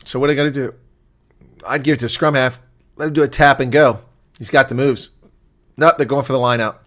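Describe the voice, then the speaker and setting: A man giving live watch-along rugby play-by-play, swinging from calm asides to excited shouting on breaks. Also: mid-range voice, brisk. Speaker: rugby commentator.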